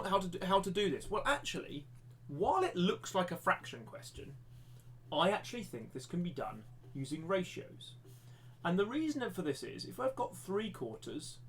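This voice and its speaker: A man's voice: on the high side, a bit bright. A man teaching a live-streamed maths lesson, chatty and self-deprecating, thinking aloud with frequent restarts.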